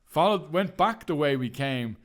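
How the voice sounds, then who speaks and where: A man's voice: on the high side, animated, moderate pace. Rambling Irish man telling a story. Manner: rambling storyteller, acts out other people's lines. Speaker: podcast co-host. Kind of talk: casual chat.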